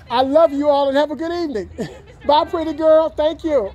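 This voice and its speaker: A man vlogging outdoors on a city street, greeting passing drivers and strangers with effusive, warm words and frequent laughter, repeating his catchphrases. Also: extremely high pitch, normal speed. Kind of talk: upbeat street vlog. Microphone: camera he films himself with.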